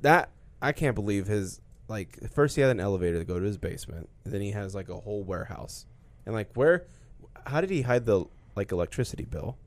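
Animated, laughing podcast co-host man. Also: on the low side, fairly quick. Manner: excitable, laughs often, animated. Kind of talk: casual chat.

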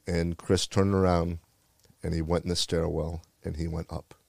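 A man's voice: low voice, flat delivery, moderate pace, gravelly, darkish tone, dry recording. A man from the Bronx, a retired firefighter earnestly telling a heartfelt personal story. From the Bronx, New York. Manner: earnest and heartfelt, with repeated phrases.

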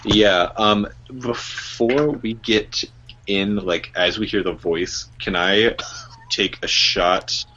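A man playing a tabletop game, speaking hesitantly with many pauses. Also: on the low side, fairly even intonation, sharp tone, highs cut off, a little hiss or hum. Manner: hesitant, halting. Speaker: player. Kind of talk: casual tabletop play.

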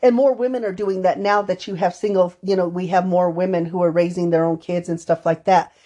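A woman's voice: on the low side, fairly even intonation, a little fast, dark tone, highs cut off. A woman therapist co-hosting a podcast conversation, telling stories from her sessions and acting out the quoted dialogue. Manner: storytelling, acts out quoted dialogue. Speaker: therapist co-host.

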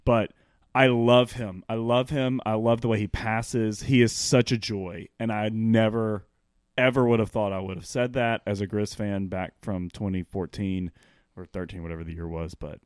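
A man's voice: fairly low pitch, fairly even intonation, moderate pace, clean tone, no room sound, studio quality. A man co-hosting a casual sports podcast, enthusiastic and rambling, laughing as he talks. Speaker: podcast co-host.

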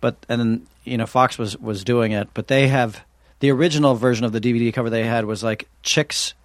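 A man co-hosting a podcast, telling a story in a relaxed, casual way. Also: medium pitch, brisk, no echo, clean studio sound. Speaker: podcast co-host.

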